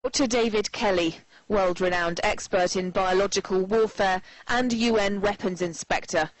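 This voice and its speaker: A woman's voice: medium pitch, moderate pace, no echo, low-quality recording. Woman reading a formal news report. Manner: crisp, formal news delivery. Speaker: news presenter.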